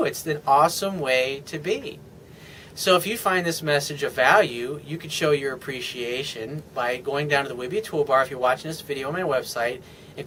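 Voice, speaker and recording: A man's voice: a little high, a bit bright, slight background noise. A man talking as a dating coach in a casual video monologue, rambling and frank, full of "I mean" and "you know.".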